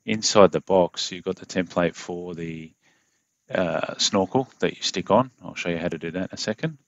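A low-voiced Australian man talks through a car install tutorial in a flat, monotone voiceover. His voice has a gravelly edge. The recording is dry and a little dull. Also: no echo. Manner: monotone, plain and unhurried, with fillers. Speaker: DIY car install host. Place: home studio voiceover.

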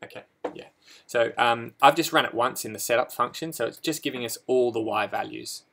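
Brief: male coding tutor, gravelly fry, bright tone, halting delivery full of ums. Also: mid-range voice, slight background noise. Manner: hesitant, many ums and restarts. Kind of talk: screen-recorded code walkthrough.

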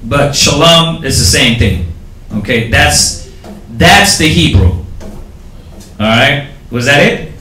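A man teaching a class, explaining things casually and haltingly with many fillers. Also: fairly high pitch, lively intonation, bright, forceful tone. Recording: echoey room with faint ambience.

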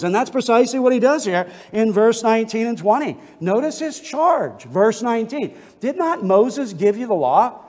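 A man with a notably high voice preaches an expository sermon with earnest conviction. His words ring out with a long reverberant tail, as in a church sanctuary. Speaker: pastor.

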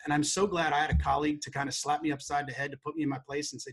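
A man's voice: a little high, level tone, racing, few pauses, fairly bright tone, breathy edge. A man telling an emotional story as a guest in an interview, earnest and acting out quotes from the past. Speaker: guest educator.

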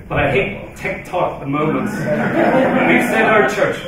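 Fervent middle-aged preacher in an echoing hall. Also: male voice, high voice, lively intonation, takes it slowly, over a noisy crowd. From Ireland. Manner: emphatic, intense preaching with rising urgent calls. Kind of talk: conference sermon. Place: large church hall. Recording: echoey hall recording from far off.

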